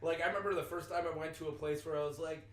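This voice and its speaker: A young man from North Dakota hosting a podcast, telling animated stories in casual chat, swearing freely and acting out what people said. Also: on the high side, racing. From North Dakota, USA. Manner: animated storyteller, swears freely, acts out quotes. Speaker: podcast host. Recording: echoey room with faint ambience.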